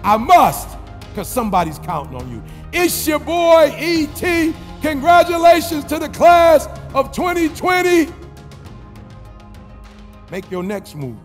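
A man giving a commencement speech, preaching in repeated refrains that build to shouts. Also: very high voice, very animated, unhurried, in a large hall, faint music behind. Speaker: commencement speaker. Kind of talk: motivational speech.

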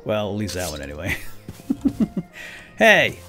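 Lively man narrating gameplay, soft music. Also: low-pitched, measured pace. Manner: excitable, swings from loud outbursts to hushed whispers. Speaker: let's play host. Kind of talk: gameplay commentary.

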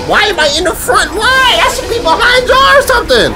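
A man chatters through his game, cracking slang and shouting when things jump at him. His pitch swings wildly between mutters and yells. Game music plays under him. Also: brisk, few pauses, a loud crowd. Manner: excitable, loud reactions, slangy banter. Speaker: gaming YouTuber. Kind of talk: casual let's-play commentary.

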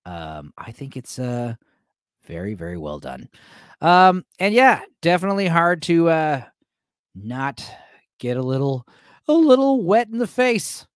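A man rambles through a relaxed watch-along commentary, trading jokes with his chat and filling gaps with plenty of ums. His pitch swings up and down with lively energy. The sound is dry and close. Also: a little slow, no echo. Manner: joking, rambling, addresses the chat with many fillers. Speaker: host reacting to a film for a live chat.

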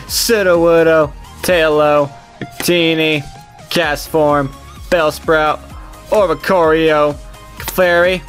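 A man co-hosting a casual card-opening chat, excitable and quick to laugh and groan. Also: a little high. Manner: excitable, laughs loudly and groans at his co-host's jokes. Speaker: co-host opening trading cards.

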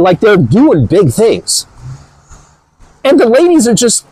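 A man's voice: sits high, huge pitch swings, normal speed, husky, no echo, poor audio. A man hosting a motivational vlog, talking energetically and emphatically in a rambling way, recorded at a gym on a clip-on mic. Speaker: channel host. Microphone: clip-on body mic.

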